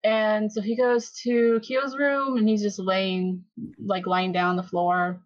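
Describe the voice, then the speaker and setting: A woman on a podcast, casually recapping episodes and acting out the characters' lines in an animated way. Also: medium pitch, takes it slowly, dry recording, muffled recording. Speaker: podcast co-host.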